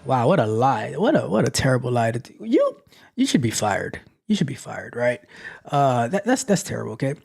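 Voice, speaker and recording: A man hosting a live tech question-and-answer show, giving advice in a lively, mock-scolding way and often repeating phrases. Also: medium pitch, fairly quick, gravelly, husky, soft background music. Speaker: host.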